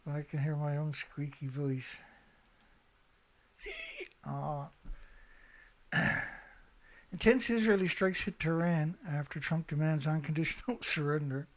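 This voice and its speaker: A middle-aged man hosting a casual livestream, rambling and chatty, clearing his throat often and swearing now and then. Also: on the high side, huge pitch swings, takes it slowly, pauses often. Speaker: show host.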